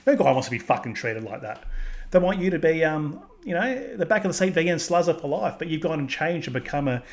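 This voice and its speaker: A man's voice: on the high side, very animated, a little fast. A man with an Australian accent hosts a reaction video and delivers a crude, sarcastic, heated rant. He swears constantly and talks straight to his viewers. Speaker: commentary channel host.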